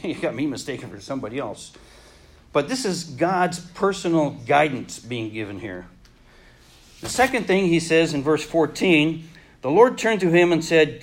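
Earnest man preaching a sermon. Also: a little high. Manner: earnest, with pauses and restarts, voice dropping soft for personal reflection.

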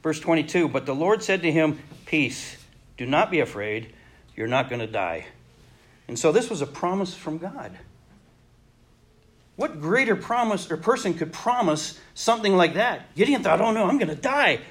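A man preaching a sermon in an earnest way, pausing and restarting, his voice dropping soft when he turns reflective. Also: on the high side, very animated.

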